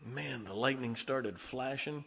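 Folksy middle-aged man telling a story, bright voice. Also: medium pitch, unhurried, vocal fry, husky, big-room sound. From northern Ohio, near Lake Erie. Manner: folksy, conversational, acts out quoted dialogue. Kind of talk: personal storytelling.

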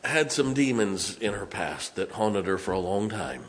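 A middle-aged man preaching a storytelling sermon in a church, folksy, swinging from loud to hushed. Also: fairly low pitch, lively intonation, normal speed. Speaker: pastor. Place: church sanctuary.

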